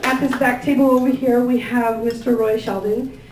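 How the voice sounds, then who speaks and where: A woman's voice: on the high side, steady tone, moderate pace, a loud crowd. Gushing woman speaking in an echoey hall. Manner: warm, gushing, rambling with many fillers. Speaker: event organizer introducing staff and guests. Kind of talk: thank-you speech at a gathering. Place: large indoor room with tables. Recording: echoey room, picked up from a distance, faint ambient noise.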